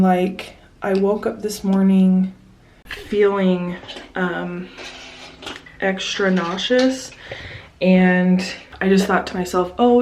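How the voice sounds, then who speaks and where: A young woman in her twenties sharing personal news in a casual home vlog, halting and hesitant with many fillers, at times dropping to a whisper. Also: mid-range voice. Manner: hesitant, many pauses and fillers, soft and emotional. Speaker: vlogger. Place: home, getting ready in the morning.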